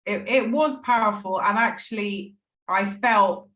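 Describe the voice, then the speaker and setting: A woman's voice: mid-range voice, unhurried, fairly bright tone. A middle-aged woman, a podcast guest telling her recovery story in an earnest, emotional way. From England. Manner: earnest, emotional, frequent restarts. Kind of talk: candid personal recovery story. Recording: echoey room.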